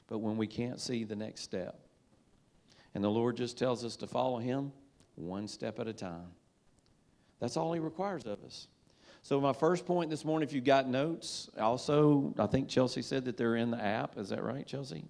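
A male pastor delivering a sermon in a church in a folksy, conversational voice of middle pitch. He talks easily and casually, breaking into call-and-response repetition with his listeners. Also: gravelly, darkish tone. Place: church sanctuary.

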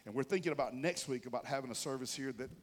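Speaking quickly in a mid-range voice over slight background noise, a male pastor preaches conversationally to his flock. He tells homespun stories, addresses them directly, and animatedly raises and lowers his volume for emphasis.

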